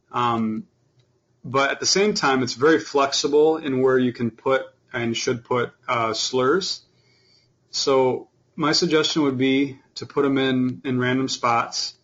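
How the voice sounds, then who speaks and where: Man, fiddle teacher, relaxed explaining, webinar lesson, slightly muffled sound. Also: mid-range voice. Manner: relaxed, explanatory, many fillers. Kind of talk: online class instruction.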